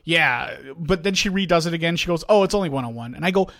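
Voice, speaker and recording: A man's voice: a little high, fast. A man in his forties, a podcast co-host, chatting casually and telling stories with acted-out dialogue. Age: 40s. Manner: animated storytelling, acts out quoted dialogue. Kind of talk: casual chat.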